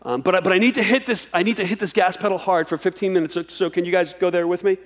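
A man preaching a sermon, animated, often restarting and repeating words as he acts out a dialogue. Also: sits high, quick pace. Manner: animated, acts out voices of God and the prophet. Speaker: pastor.

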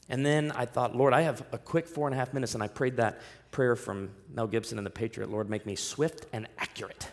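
A male pastor delivering a sermon with a gravelly, mid-pitched voice. He tells stories at a conversational pace, then climbs to loud, emphatic peaks to drive his points home. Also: fairly quick. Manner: storytelling preacher, rising to loud emphatic peaks.

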